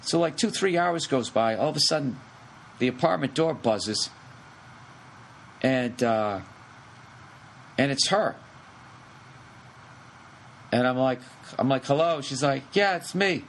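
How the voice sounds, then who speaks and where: A middle-aged man hosting a podcast, telling a rambling comic story with lots of swearing in quick animated bursts. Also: mid-range voice, creaky, low-quality recording. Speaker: podcast host. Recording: faint background noise.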